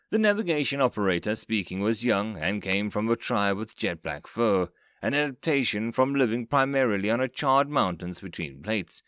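A man reading a science fiction story aloud with a lively, swinging pitch. His storytelling is expressive, and the recording is dry and close. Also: no echo. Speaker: audiobook narrator. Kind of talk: audiobook narration.

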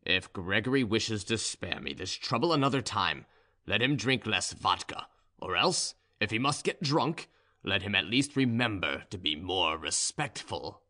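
A man reading an audiobook, voicing a stiff young male officer in a low, clipped voice. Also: lively intonation, unhurried, bright, forceful tone. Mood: stern.

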